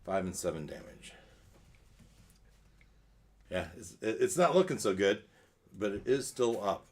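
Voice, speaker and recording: A man's voice: on the low side, very animated, unhurried, a little mellow. A man running a tabletop game as dungeon master over an online call, narrating and ruling on actions.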